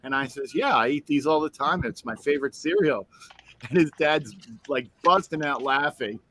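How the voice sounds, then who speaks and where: A man with a bright, forward voice tells a rambling anecdote on a stream call. He acts out the people in it with quick voice changes. Faint hiss sits under the line. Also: fairly high pitch. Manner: animated storyteller, voices the people in his anecdote. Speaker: stream guest. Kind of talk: casual chat.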